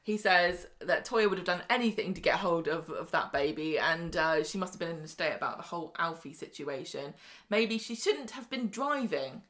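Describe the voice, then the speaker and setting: Woman podcast co-host, bright and chatty, tells the plot with quick quoted asides. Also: lowish voice, lively intonation. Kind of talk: casual soap-opera recap chat.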